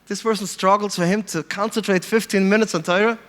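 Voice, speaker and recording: A man telling stories in an animated way, mixing in Yiddish phrases and acting out the people he quotes. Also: high-pitched, brisk, big-room sound. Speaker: podcast guest speaker. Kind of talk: storytelling talk.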